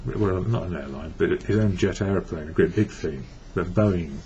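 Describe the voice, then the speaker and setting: Heard through a dull lo-fi recording with a faint hiss, an English recovery blogger speaks at normal speed in a low, dark-toned voice. He reflects personally on recovery, rambling and correcting himself as he talks.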